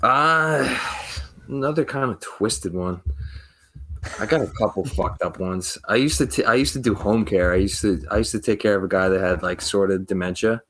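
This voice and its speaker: A man's voice: fairly low pitch, moderate pace, a bit bright. A young man on a casual podcast, telling a long rambling story full of swearing and acted-out quotes. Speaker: podcast co-host.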